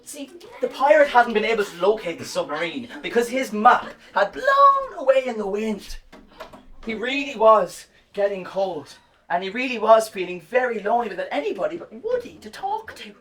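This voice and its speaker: A woman's voice: fairly high pitch, sing-song, moderate pace, distant mic. Sing-song woman telling a children's story. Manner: warm, sing-song, directly addressing children. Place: home or school, live performance.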